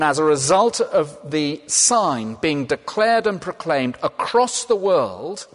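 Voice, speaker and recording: A man preaching a sermon in a conversational way, asking and answering his own questions. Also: on the high side. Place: church. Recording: long reverb of a large hall.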